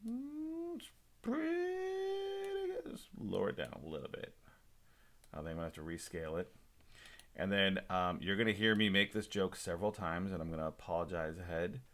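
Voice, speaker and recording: A man teaching a high school class through a screen-recorded software demo, talking to himself as he works and adding small jokes. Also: a little fast. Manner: talks to himself while working, relaxed asides and small jokes.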